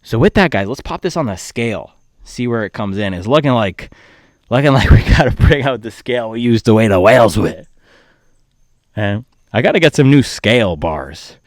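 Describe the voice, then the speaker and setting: A man reviewing running shoes in a loose, slangy way, tossing in jokes between his points. His voice sits at an everyday middle pitch. The recording is close and dry, with no room echo. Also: expressive, moderate pace. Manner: laid-back and slangy, joking asides. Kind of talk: casual product review.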